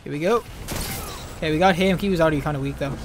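Excitable high-voiced young man gaming. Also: very fast, noisy background. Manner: excitable, yelps and laughs at deaths. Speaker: gaming YouTuber. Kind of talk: live gameplay commentary.

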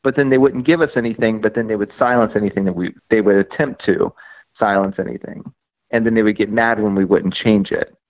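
A man telling his story as a podcast guest, animated, acting out conversations and using lots of "like" and "um". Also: lowish voice, brisk, narrow, tinny audio. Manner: frequent fillers like "like" and "um". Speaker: podcast guest, media outlet founder.

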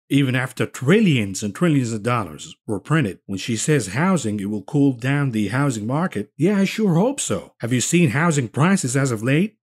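A man's voice: medium pitch, a little mellow, breathy edge. A man hosting market commentary, mocking and sarcastic as he rants about the economy.

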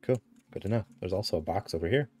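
A man's voice: lowish voice, quick pace, darkish tone, soft background music. A young man from upstate New York, chatting casually as he streams a game and reads signs aloud. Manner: chatty, narrates what he reads and does. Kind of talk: casual gameplay chat.

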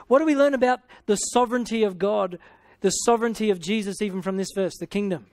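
High-voiced Australian preacher, dry sound. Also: male voice, fast, darkish tone, no echo. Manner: exclamatory, punctuating with hallelujah and amen; playful, paraphrasing scripture in everyday speech. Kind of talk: sermon teaching.

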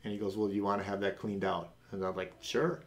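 A middle-aged man hosting a podcast, telling a personal faith testimony and acting out the voices of people in it. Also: quick pace. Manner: animated, acts out quoted voices with big pitch jumps. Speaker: podcast host.

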